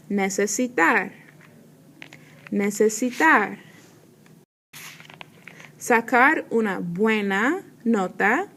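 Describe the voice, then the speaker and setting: A woman's voice: a little high, a bit bright. A woman teacher leading a vocabulary pronunciation lesson, saying each word carefully and repeating it. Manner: slow, careful pronunciation with words repeated twice.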